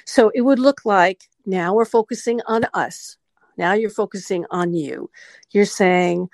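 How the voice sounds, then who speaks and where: A woman's voice: medium pitch, unhurried, darkish tone, dry recording. A middle-aged woman giving relationship advice, earnestly acting out example apologies in the first person. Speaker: relationship coach. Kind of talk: advice talk.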